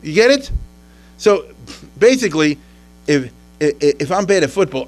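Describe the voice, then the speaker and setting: Very animated and speaking at a moderate pace, a man gives a history class an informal lecture packed with restarts. When he quotes people, he acts them out with abrupt pitch jumps.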